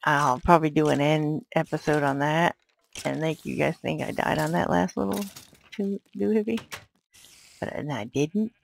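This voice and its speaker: A woman giving let's play commentary, yelling at enemies and muttering to herself. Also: low voice, normal speed, creaky, a little hiss or hum, poor audio. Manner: exclaims and yells at enemies, then mutters to herself. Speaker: gamer.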